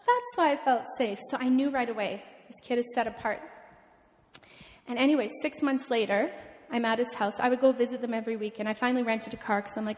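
A woman in her twenties, a missionary, telling a lively testimony to a church crowd and acting out the people in her story. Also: fairly high pitch, moderate pace. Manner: animated storytelling, acts out the people she quotes. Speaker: missionary speaker. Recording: long reverb in a large hall.

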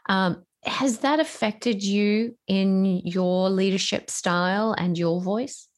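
A woman hosting a conversational interview, reflective and encouraging, with soft affirming murmurs. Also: mid-range voice, slow pace. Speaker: podcast host.

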